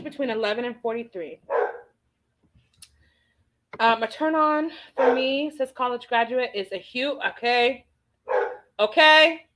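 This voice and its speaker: A woman's voice: on the high side, fairly bright tone, slight background noise, low-quality recording. A woman hosting a casual livestream, reading viewer comments aloud and answering them with chatty, playful exclamations. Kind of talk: casual chat.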